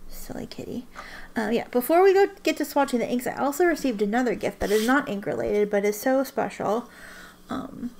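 A woman's voice: on the high side, fairly quick, a little mellow. A woman chatting casually to camera in a rambling way, with many restarts and ums. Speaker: ink swatching vlogger.

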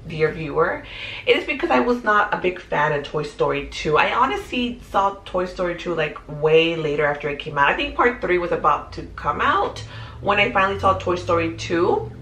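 A woman's voice: on the low side, normal speed, slight background noise. Chatty woman in an echoey room. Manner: chatty, animated, lots of fillers. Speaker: movie vlogger. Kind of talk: casual countdown vlog.

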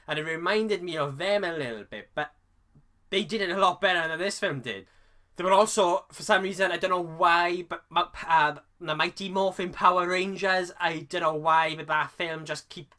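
A man giving a casual, rambling film review, often restarting his sentences and filling pauses with ums and uhs. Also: a little high, pushed and bright. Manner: rambling, self-correcting, with many fillers. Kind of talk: casual spoken movie review.

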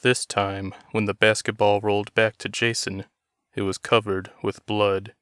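Low, smooth male story narrator. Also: level tone, a little slow, fairly bright tone, dry recording, clean studio sound. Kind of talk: scripted narration of a novel.

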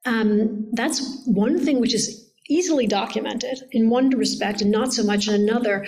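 A woman's voice: medium pitch, vocal fry, a little mellow, low-quality recording. A middle-aged woman author answering questions in an interview at a public event, thoughtful and digressive with frequent fillers and restarts. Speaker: author interviewed about her biography.

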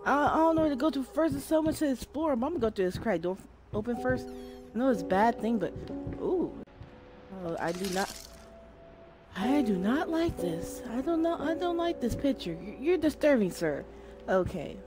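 A woman's voice: fairly high pitch, big pitch swings, normal speed. A woman streamer playing a horror game, jumpy and frightened, swearing and talking back to the game. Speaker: gaming streamer. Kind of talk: horror game let's play. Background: loud game music.

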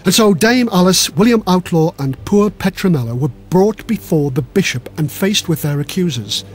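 A man's voice: high-pitched, expressive, normal speed, faint music behind. A man giving scripted narration of a children's history story in a dramatic, vivid way.

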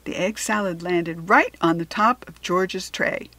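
A woman reading a children's chapter book aloud in a gentle storytelling way, sometimes dropping into soft whispered asides. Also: lowish voice, unhurried, dry recording.

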